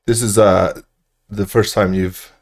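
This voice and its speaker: A man's voice: fairly low pitch, fairly even intonation, slow. A man hosting a casual livestream tutorial, muttering to himself as he works and trailing off mid-sentence, with frequent self-deprecating laughs. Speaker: host modeling furniture in 3D software.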